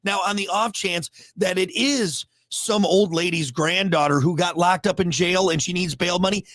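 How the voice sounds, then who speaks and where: A man's voice: high-pitched, moderate pace, fairly bright tone, no room sound. A man co-hosting a casual talk show, rambling and joking with frequent restarts. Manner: rambling, jokey, many restarts. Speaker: co-host. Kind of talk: casual chat.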